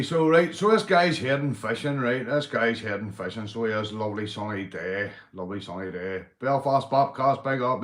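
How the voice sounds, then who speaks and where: A Northern Irish man hosting a livestream, telling crude jokes, swearing and shouting out viewers. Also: medium pitch. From Northern Ireland. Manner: rowdy, swearing, joke-telling, reading viewer comments. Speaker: livestream host. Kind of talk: casual livestream chat.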